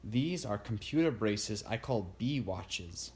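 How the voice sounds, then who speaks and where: A man's voice: on the low side, lively intonation, takes it slowly, darkish tone. A man voicing a small, careful Scottish woman inventor with a thick Scottish accent, in a storybook reading. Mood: practical. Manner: careful, dry, thrifty.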